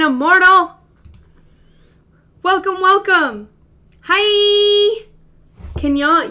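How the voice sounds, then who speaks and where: A woman's voice: sits high, bright, forceful tone. A woman hosting a home livestream, talking playfully to her cats and greeting viewers. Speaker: livestream host. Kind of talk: casual chat playing with her cats. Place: indoor room at home. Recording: echoey room, mic far off.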